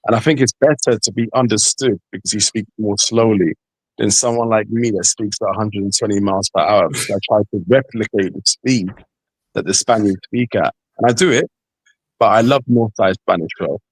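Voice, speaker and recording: Low, husky man, dry close sound. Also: fairly quick, no room sound, poor audio. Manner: earnest, encouraging, repeats himself. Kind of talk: casual chat on a live stream.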